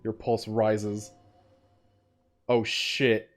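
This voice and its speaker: Man, game streamer, casual commentary, dramatic read-alouds, mid-pitched. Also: a little fast, soft background music. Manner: animated, reads game text in dramatic voices. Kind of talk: gameplay commentary, reading aloud.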